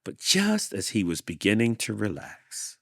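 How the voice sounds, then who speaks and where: A man hosting a show, reading a children's storybook aloud in a deliberate, expressive way. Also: lowish voice, gravelly, no room sound, studio quality. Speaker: host reading a children's book.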